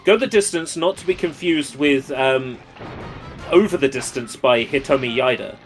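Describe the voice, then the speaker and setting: A man chats loosely alongside the host, rambling through jokes and asides. His pitch is mid-range for a man. Faint music runs underneath his voice. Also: normal speed. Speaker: co-commentator. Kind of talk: casual chat.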